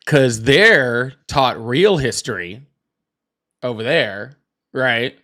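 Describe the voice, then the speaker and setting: A man's voice: mid-range voice, lively intonation, bright, forceful tone. A man talks casually to his livestream viewers in a mid-range voice. He rambles, restarts his sentences and breaks off to greet people in the chat. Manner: rambling, chatty, greets viewers, quick asides. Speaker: livestream host. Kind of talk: casual live-stream chat.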